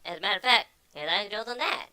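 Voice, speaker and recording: A woman's voice: medium pitch, racing, sharp tone, smooth, dry recording, poor audio. A woman hosting a news show, reading articles aloud with sarcastic asides and frequent stumbles and repeated words.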